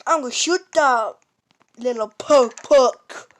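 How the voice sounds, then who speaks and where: A woman giving playful, excitable commentary while playing a video game, taunting and laughing as she goes. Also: sits high, slow pace. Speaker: gamer.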